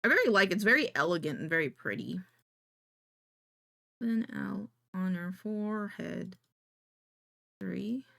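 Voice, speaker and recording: Gravelly woman streamer thinking aloud. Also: mid-range voice, animated, measured pace, long pauses, sharp tone. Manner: thinks aloud to chat while working, jittery and self-deprecating. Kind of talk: casual live-stream chat.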